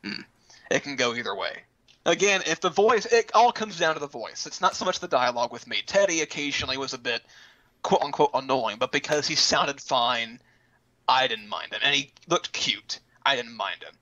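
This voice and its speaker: A man from Texas hosting a casual gaming roundtable, chatting loosely and breaking into quick silly voice impressions. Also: mid-range voice, lively intonation, bright, forceful tone. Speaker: host of a gaming roundtable stream. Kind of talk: casual chat. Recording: lo-fi dull sound.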